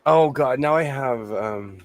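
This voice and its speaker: Hoarse loud-talking man. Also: medium pitch, slow pace, dry recording. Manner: loud, animated storyteller. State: hoarse, losing his voice. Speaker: host. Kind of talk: casual chat. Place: home sewing room.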